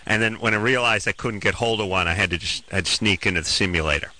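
A man's voice: on the low side, quick pace, pushed and bright. A man co-hosting a call-in radio show, cracking sarcastic jokes and riffing between questions. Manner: sarcastic, joking. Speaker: radio co-host.

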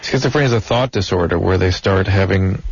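A man's voice: deep voice, fairly quick, vocal fry, breathy edge. A man co-hosting a call-in radio show, explaining things bluntly to a caller. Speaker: radio co-host giving advice. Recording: dull lo-fi radio broadcast.

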